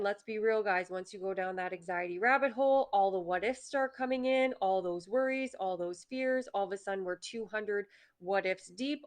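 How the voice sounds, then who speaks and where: A woman hosting a casual motivational talk, chatty and conversational, often acting out her own inner voice in quick asides. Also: medium pitch. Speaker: host.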